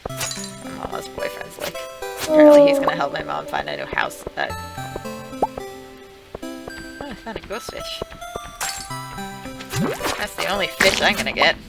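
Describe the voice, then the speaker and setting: A woman's voice: mid-range voice, wildly swooping pitch, a little slow, vocal fry, pauses often. A woman streamer telling rambling stories while playing a game, swearing freely and laughing often. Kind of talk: casual storytelling while playing a farming game. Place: home streaming setup. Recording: game music playing underneath. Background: game music.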